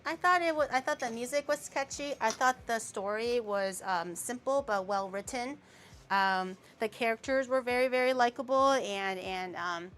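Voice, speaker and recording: High-voiced chatty woman streamer. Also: slight background noise. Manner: chatty, rambling, easily excited. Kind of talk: casual chat while baking.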